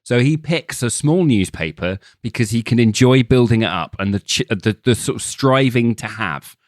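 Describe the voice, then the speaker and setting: A man co-hosting a film podcast, explaining his views in a measured, reflective way. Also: medium pitch, expressive, no echo, studio quality. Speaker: podcast co-host. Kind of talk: casual podcast chat.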